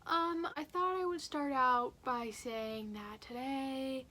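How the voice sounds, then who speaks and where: A woman's voice: high voice, slow pace, bright, forceful tone. A teenage girl talking candidly to her phone camera at home in a rambling diary vlog, full of "like" fillers. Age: late teens. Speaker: vlogger. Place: at home, indoors.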